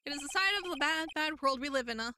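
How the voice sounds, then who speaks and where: A woman's voice: high voice, animated, fast, background noise. A woman voicing a fretful man in debt, a French chef, with an exaggerated fake French accent and a theatrical, self-pitying manner. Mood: mournful. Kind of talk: reading game dialogue aloud.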